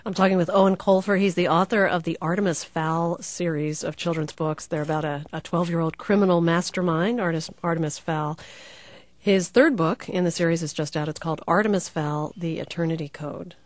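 Wry woman interviewer, lowish voice. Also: fairly even intonation, brisk, no echo. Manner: curious, wry questions. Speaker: interviewer, host. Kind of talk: radio-style interview.

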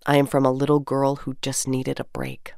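A woman with a low voice co-hosts a radio show, chatting and reading poetry lines aloud with expressive, upbeat delivery. The sound is dry and close, with no room around it. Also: normal speed, vocal fry, no echo. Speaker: radio co-host.

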